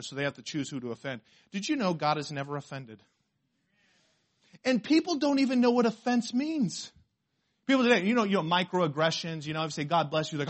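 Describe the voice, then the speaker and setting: High-voiced man preaching a sermon. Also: animated, brisk, long pauses. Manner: emphatic, rhetorical questions, swings from quiet to loud. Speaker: pastor.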